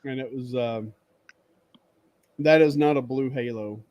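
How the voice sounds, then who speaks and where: Male livestream host, mid pitch, rambling storyteller who laughs a lot and acts out greetings, webcam sound. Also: measured pace, darkish tone, no room sound. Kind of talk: casual chat. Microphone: webcam stream setup.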